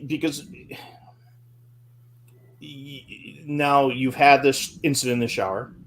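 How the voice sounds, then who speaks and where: A man hosting an interview show, asking calm follow-up questions. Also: medium pitch, slow pace. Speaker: host.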